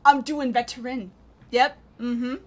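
A woman streamer chatting excitedly through live gameplay, laughing often. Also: a little high, a little slow. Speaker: gaming streamer. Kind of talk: casual live gameplay commentary.

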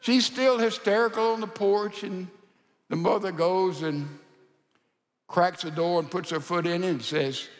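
A male pastor preaching a sermon in a folksy, animated storytelling style with rhetorical asides. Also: sits high, unhurried, in a large hall.

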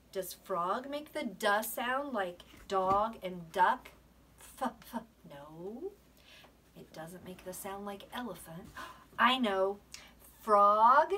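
A woman teaching a preschool lesson, sounding out letters slowly with playful gasps and soft asides. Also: medium pitch, slight background noise. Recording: voice from a distance.

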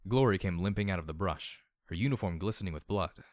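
A man narrating a fan-fiction audiobook in a measured, grim and dryly wry manner. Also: deep voice, no echo, studio quality. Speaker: audiobook reader.

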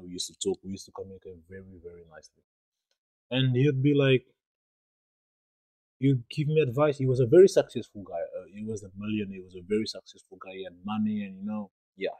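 A man's voice: lowish voice, warm tone, no room sound, low-quality recording. A young man hosting a podcast, telling a true story in an earnest, rambling way, with many fillers and repeated phrases. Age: young adult. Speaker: podcast host. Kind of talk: storytelling monologue.

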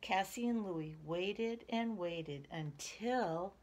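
A woman reading a children's picture book aloud in a lively, expressive way. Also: mid-range voice, slow pace. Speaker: storyteller.

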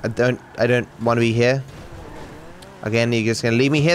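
A man's voice: mid-range voice, steady tone, a little fast, a little hiss or hum. An Australian man giving sarcastic, swearing live commentary on a game as a streamer, talking to his chat.

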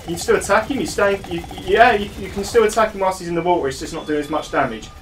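Male gameplay commentator, upper-middle pitch, casual and excitable, stumbles a little when reading aloud. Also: quick pace, a little hiss or hum.

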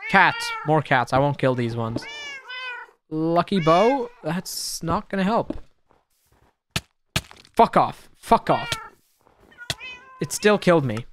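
A young man giving casual, excitable gameplay commentary, talking to the creatures on screen and swinging between muttering and sudden shouts. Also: fairly high pitch, a little slow, a little hiss or hum. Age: young adult. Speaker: gaming YouTuber.

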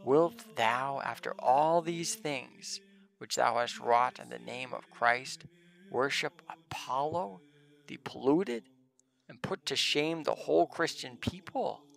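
A man's voice: mid-range voice, slow pace, gravelly, a bit bright. A man voicing a devout, faithful poor woman, reading her pleading words in solemn archaic English.

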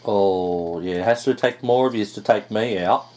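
A man giving excited gameplay commentary, groaning at setbacks and swearing now and then. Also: fairly low pitch, moderate pace. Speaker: gaming YouTuber.

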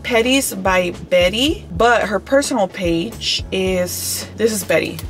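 Young woman, casual vlog chat, chatty and lively, mixes in spanish, soft music behind. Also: medium pitch, slow pace. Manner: chatty, switches into Spanish now and then; animated, addresses viewers as you guys. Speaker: vlogger.

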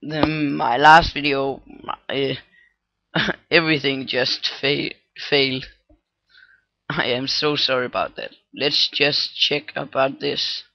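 A man thinking aloud through a casual coding tutorial, halting with many fillers and restarts, on a low-quality microphone. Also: fairly even intonation, creaky, dry recording, muffled recording. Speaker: scripting tutorial maker. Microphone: cheap computer microphone.

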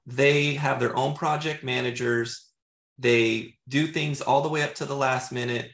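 A man working as a real estate agent, teaching in a loose, casual way, full of fillers like "you know" and "like", and trying sales questions out loud. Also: medium pitch, vocal fry. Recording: roomy echo.

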